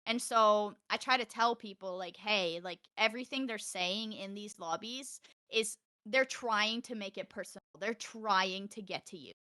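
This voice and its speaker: A young woman from Norway, a streamer chatting as a podcast guest, animated and quick to laugh. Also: mid-range voice, dry recording, clean studio sound. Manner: animated, laughs often, acts out quotes. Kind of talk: casual chat.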